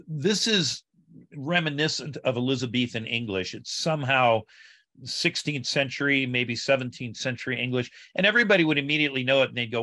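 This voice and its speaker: A man's voice: mid-range voice, animated, normal speed, bright, forceful tone, dry recording, studio quality. A man in a podcast interview, a Bible scholar guest explaining things in a teacherly way.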